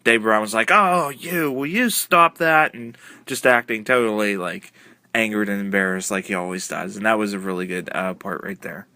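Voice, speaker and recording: A man reviews a wrestling broadcast casually, his lowish voice bright and forward, loosely chaining events together with lots of uh and um. His pitch barely moves and he talks a little fast. The recording is dry and close, with no echo or room around it.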